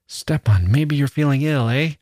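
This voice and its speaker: A man's voice: mid-range voice, normal speed, a little mellow, no room sound, clean studio sound, voice pushed up, lightly acted. A man voicing a worried soldier who coaxes a fallen comrade anxiously.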